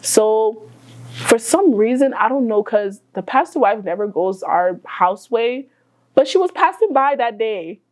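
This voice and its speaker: A woman's voice: fairly high pitch, big pitch swings, moderate pace, rough recording. A woman who is a guest in an interview, telling her story in an emotional, casual way with many fillers.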